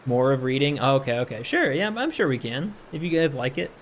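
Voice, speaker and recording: A man's voice: mid-range voice, fairly quick, slight background noise. A man streamer reading chat aloud and laughing often as he talks casually on a live stream.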